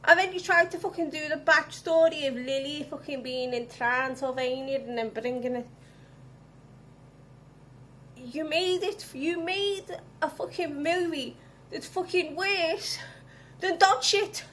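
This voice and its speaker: A woman's voice: sits high, normal speed, fairly bright tone, slight background noise. A woman vlogging, ranting angrily with heavy swearing. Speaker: vlogger reviewing films. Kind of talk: casual ranting vlog.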